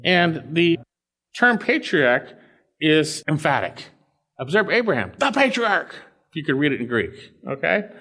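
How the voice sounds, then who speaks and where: Animated preacher teaching scripture. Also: male voice, fairly high pitch, measured pace. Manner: teaching verse by verse, checking in with "okay?" and "right?". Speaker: pastor. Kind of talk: expository sermon.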